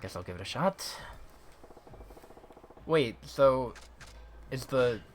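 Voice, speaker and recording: A man's voice: mid-range voice, lively intonation, slow pace, slight background noise. Guy streaming a game, jokey, laughs a lot, mid voice. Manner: joking, laughs often. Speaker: gaming streamer. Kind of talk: let's play commentary.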